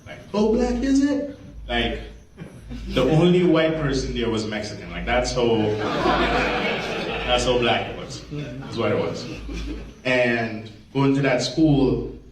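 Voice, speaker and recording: A man with a Jamaican accent performs stand-up in a club, lively and profane. He sounds distant in a roomy space, with clear noise in the background. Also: medium pitch, takes it slowly, pauses often. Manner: animated, swearing, acts out other voices. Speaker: stand-up comedian. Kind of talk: stand-up comedy routine. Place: comedy club stage with audience. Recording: roomy, distant live stage recording.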